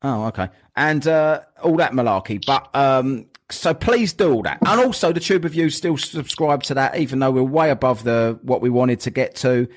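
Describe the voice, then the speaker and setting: A man's voice: mid-range voice, moderate pace, few pauses. A man hosting a podcast in a casual, jokey chat, rambling with plenty of fillers. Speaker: podcast host.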